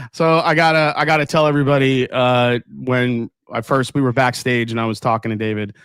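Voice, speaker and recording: A man's voice: mid-range voice, steady tone, moderate pace, fairly bright tone, clean tone, no echo, clean studio sound. A man hosting a casual livestream tasting, upbeat, greeting viewers by name and reading their comments aloud. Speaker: livestream host.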